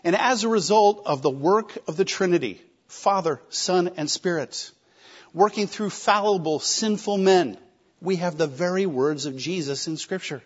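Man preaching, emphatic, fairly high voice, rhetorical questions, slightly dull lo-fi recording. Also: normal speed. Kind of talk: sermon.

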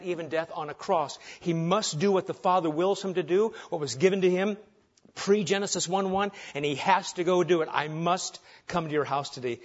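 Emphatic male preacher, lo-fi sound. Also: fairly high pitch. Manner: emphatic preaching, dropping soft on key phrases and rising when animated. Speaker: pastor. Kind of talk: sermon.

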